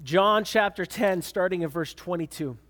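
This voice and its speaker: A male pastor delivers a sermon in a fairly high voice. He reads scripture and then drives his points home with emphatic restatements and repeated words. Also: moderate pace, a bit bright. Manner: emphatic preaching with repeated words and sudden pitch swings.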